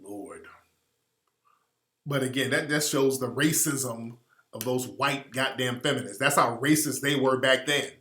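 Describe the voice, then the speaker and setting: Here the radio host's voice is medium-pitched and fairly even in intonation, bright and forceful, at normal speed. He delivers a blunt, emphatic, impassioned monologue, repeating himself for effect, in a recording with roomy echo.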